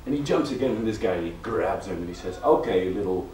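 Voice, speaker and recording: Man telling a joke, low voice, lively storytelling, loud for quotes, far from the mic in an echoey room. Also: fast, a little hiss or hum. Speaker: joke teller. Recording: roomy, from off mic, faint ambience.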